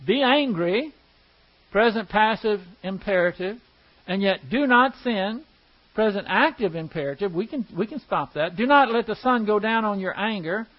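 A man whose voice sits high teaches Bible verses one by one, working through the Greek grammar and quizzing the class as he goes. The recording has its highs cut off.

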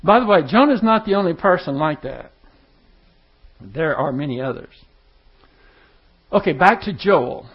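A man preaching a sermon, teaching verse by verse and acting out the words of scripture with lively emphasis. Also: a little high, measured pace, long pauses, husky. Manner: animated, acts out scripture voices with emphasis. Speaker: pastor. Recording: dull lo-fi sound.

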